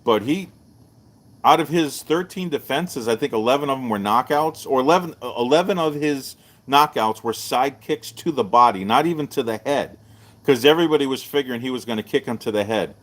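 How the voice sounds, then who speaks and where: A middle-aged man, hosting a live-streamed martial arts show and telling stories in a loose, animated way. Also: brisk. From Texas. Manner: animated storyteller, jumps up in pitch for quoted voices. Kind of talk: casual storytelling to a live stream.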